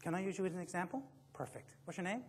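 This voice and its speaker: A man speaking to a room full of people at a motivational seminar, his voice husky and a little rough. He jokes as he goes and pulls the audience into the talk with questions. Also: sits high, racing. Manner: joking, quizzes the audience.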